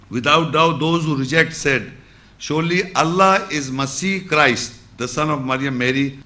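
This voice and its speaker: A man's voice: a little high, pushed and bright. A man giving an Islamic religious lecture, explaining scripture with repeated phrases and rhetorical questions. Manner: recites Arabic verses quickly.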